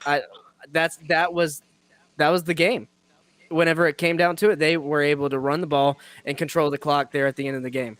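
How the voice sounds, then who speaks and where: Higher-voiced man hosting a sports podcast. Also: level tone, fairly quick, a bit bright, no echo. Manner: laughs often, rambling and self-mocking. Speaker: podcast host. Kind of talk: casual sports podcast chat.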